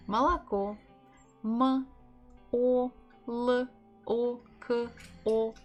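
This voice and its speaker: Slow, patient woman teaching Russian letters. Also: mid-range voice, lively intonation, faint music behind. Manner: patient, spells words out letter by letter; reads viewers' chat messages aloud. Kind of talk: live-streamed language lesson.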